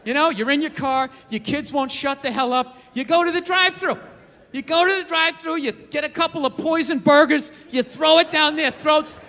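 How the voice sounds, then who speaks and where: A man's voice: very high voice, normal speed, bright, forceful tone. A man in his forties performing a live stand-up set, ranting in a profane, incredulous way. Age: 40s. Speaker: stand-up comedian. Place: large theater stage. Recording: live theater, long reverb, crowd and noise.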